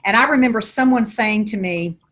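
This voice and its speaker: A woman's voice: medium pitch, brisk, fairly bright tone. Podcast guest: middle-aged woman, Southern drawl, storyteller who leans on folksy metaphors. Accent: Southern American. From American South. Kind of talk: podcast interview.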